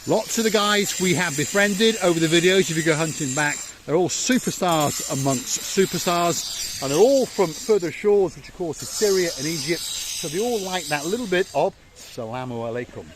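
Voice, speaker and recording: A man's voice: fairly high pitch, moderate pace, background noise. An English man hosting a playful travel vlog outdoors by a seaside resort, rambling and joking like a tour guide. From England. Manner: jokey, rambling, lively tour-guide patter. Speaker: vlogger host.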